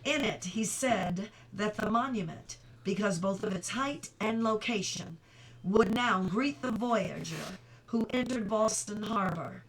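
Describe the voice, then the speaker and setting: Mid-aged woman reading a book out loud at home, middle pitch, bit of background hiss. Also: a little slow. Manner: reads steadily, breaks off for chatty asides and laughter. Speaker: audiobook reader. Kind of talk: reading a novel aloud.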